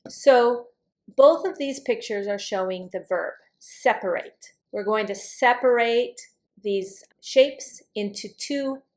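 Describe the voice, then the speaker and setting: A woman teaching an English vocabulary lesson in an even, mid-pitched voice. She slows down to sound words out carefully, repeating them for her learners. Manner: slow, careful pronunciation drills.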